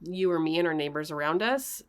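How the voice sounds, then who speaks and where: A woman with a deep voice co-hosts a podcast, chatting casually at a fairly quick clip. She talks loosely and hedges constantly with "like" and "you know."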